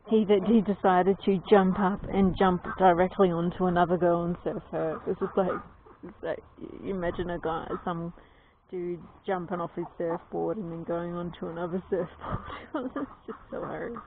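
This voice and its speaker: A woman with an Australian accent chatting casually to camera while tending her ducks outdoors, often cooing to them in a high baby voice. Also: fairly even intonation, normal speed. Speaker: duck keeper. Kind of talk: casual vlog narration to camera. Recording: tinny lo-fi phone audio with background noise. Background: ducks quacking, outdoor noise.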